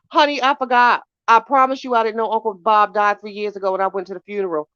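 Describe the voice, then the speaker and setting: A woman's voice: mid-range voice, steady tone, fast, hardly any pauses, fairly bright tone, smooth, dry recording. A woman hosting a podcast, chatting casually with her live chat and telling gossipy stories in a blunt, profane way. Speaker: podcast host. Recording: dull lo-fi dry sound.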